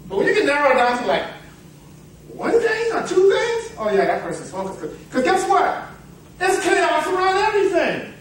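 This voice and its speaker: Recorded from a distance in an echoey hall with slight background noise, a man with a very high, animated, fairly bright voice speaks a little fast. He's a seminar speaker giving a motivational talk, telling a parable as a rambling, self-interrupting storyteller with playful asides.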